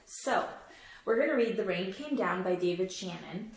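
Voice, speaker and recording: A woman's voice: mid-range voice, animated, normal speed, roomy sound, slight background noise. A woman teaching a phonics lesson and reading a picture book aloud, patient and encouraging, stretching out word sounds for young listeners.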